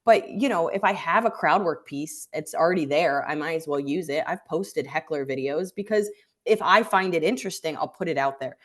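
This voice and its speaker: A woman comedian chatting as a guest on a podcast. She talks candidly and thoughtfully about her own path. Her voice sits a little low for a woman. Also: moderate pace, a bit bright. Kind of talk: casual chat.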